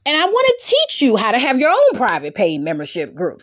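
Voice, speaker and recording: A woman hosting her own podcast, exhorting listeners in a bubbly, humorous, preachy way with sudden jumps in pitch. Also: huge pitch swings, brisk, hardly any pauses, a bit bright. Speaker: podcast host. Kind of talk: preachy motivational podcast talk.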